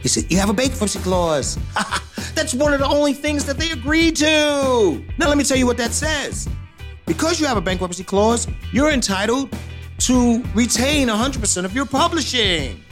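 A middle-aged man telling a story casually, profane and animated, acting out other people's voices. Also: extremely high pitch, normal speed. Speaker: hip hop artist. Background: music.

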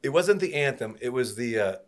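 A man hosting a casual interview, playfully prodding his guest with quick questions. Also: medium pitch, lively intonation. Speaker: podcast host.

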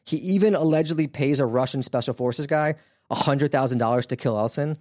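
A male podcast host talks through a true-crime story in a loose, chatty way, dropping in asides and fillers. His voice sits at an average pitch. The sound is dry and close, with no room around it. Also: brisk, a little mellow, no echo. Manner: conversational, filler-heavy, wry. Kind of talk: casual storytelling chat.

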